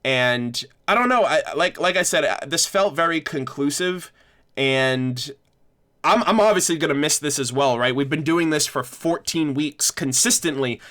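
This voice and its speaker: A man's voice: a little high, animated, normal speed, bright, forceful tone. A young man hosting a casual livestream discussion, rambling with many restarts as he thanks viewers. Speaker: livestream host.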